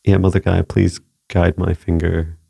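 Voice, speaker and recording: A Scottish man relaying psychic messages to viewers in a casual solo talk, halting and searching for words as he goes. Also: deep voice, flat delivery, creaky, dark tone, slightly rough. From Scotland. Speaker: psychic mentor answering viewer questions. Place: home with a laptop.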